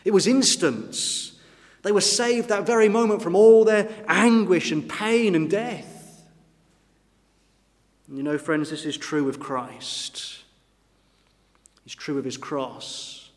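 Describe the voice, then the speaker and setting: A man's voice: high voice, lively intonation, takes it slowly, long pauses. A man preaching a sermon, retelling the story dramatically and voicing the doubts of the crowd. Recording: long reverb of a church hall.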